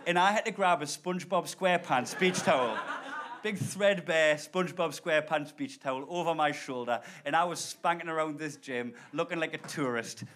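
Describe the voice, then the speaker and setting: A man's voice: a little high, normal speed, fairly bright tone. A man doing live stand-up storytelling, talking conversationally and directly to the crowd. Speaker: stand-up comedian. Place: stage before a live audience.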